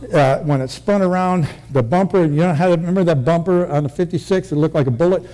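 A man's voice: fairly high pitch, quick pace, warm tone. An older man, a military veteran, recounting his past in a rambling, vivid oral-history style with many restarts.

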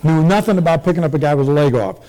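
A man's voice: fairly high pitch, animated, racing, dark tone. Older man telling a rambling story. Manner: rambling and vivid, with many restarts. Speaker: military veteran recounting his past. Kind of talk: oral history storytelling.

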